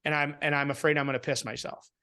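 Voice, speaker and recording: A man tells a personal story in a relaxed interview. He speaks with a fairly high voice, is animated, restarts a lot and acts out what people said. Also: fast. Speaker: interview guest. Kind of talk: casual storytelling in a conversation.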